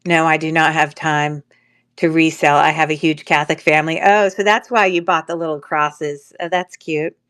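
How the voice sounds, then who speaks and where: A woman's voice: low voice, steady tone, moderate pace, a bit bright, smooth. A woman with a stuffy nose from a cold, chatting casually with many ums while running a live jewelry auction. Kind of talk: casual live-stream selling chat.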